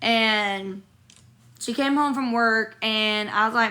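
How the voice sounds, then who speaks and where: A young woman with a hoarse voice, bluntly venting on a casual livestream, rambling and swearing as she answers viewer comments. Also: on the high side, slow, pushed and bright. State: hoarse from illness. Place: hotel room.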